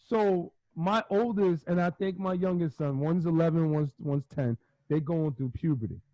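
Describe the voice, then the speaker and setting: This is a middle-aged man with a high voice, chatting casually as a podcast co-host. He tells rambling, animated stories, laughs often and acts out quotes. The recording is dry and a little muffled. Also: moderate pace, no room sound. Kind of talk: casual chat.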